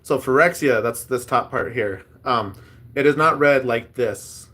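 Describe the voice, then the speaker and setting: A man's voice: mid-range voice, measured pace, sharp tone. A man hosting a casual chat while opening card packs, rambling and reading card text aloud.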